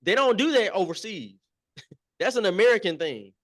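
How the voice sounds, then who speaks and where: A man's voice: sits high, very animated, moderate pace, fairly bright tone, no echo, studio quality. A man appearing as a guest on a talk show, making his points emphatically and repeating them in casual chat.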